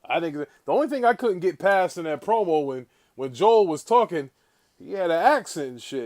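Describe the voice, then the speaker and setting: A man hosting a casual livestream, talking in an animated way, swearing and calling out viewers in the chat. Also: fairly high pitch, a little fast. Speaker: livestream host.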